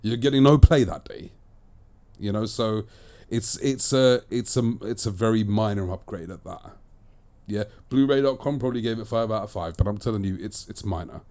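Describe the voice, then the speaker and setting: A man with a lowish, warm voice talks at a moderate pace, hosting a casual podcast where he reviews discs. He chats freely, offering opinions and repeating phrases to drive his points home.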